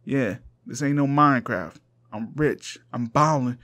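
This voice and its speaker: A man's voice: medium pitch, unhurried, fairly bright tone, close to an everyday voice. A man voicing a boastful, swaggering male dragon who talks in laid-back slang. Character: swaggering rich male dragon in gold armor.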